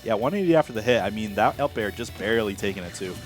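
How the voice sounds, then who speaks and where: Lively man commentating over music. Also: lowish voice, quick pace. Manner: loose, rambling with fillers and restarts. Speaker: esports commentator. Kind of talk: live tournament commentary. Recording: music playing behind.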